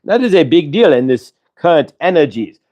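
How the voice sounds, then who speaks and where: A man's voice: on the high side, big pitch swings, normal speed, dark tone, muffled recording. A man channeling a friendly pair of spirits who speak as one "we", giving a chatty spiritual talk in a raised voice. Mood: explaining.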